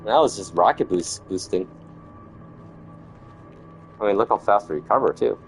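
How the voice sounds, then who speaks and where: Faint music plays behind a middle-aged gaming channel host whose voice is on the low side and expressive. At a normal speed, he gives rambling, relaxed commentary while he plays, slipping in "man" and "yo."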